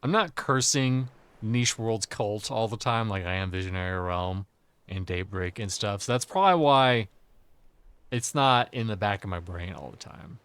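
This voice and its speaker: A man's voice: lowish voice, normal speed, a bit bright, smooth, dry recording. A man streaming a game live, chatting crudely and jokingly with his chat while a bit drunk. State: tipsy.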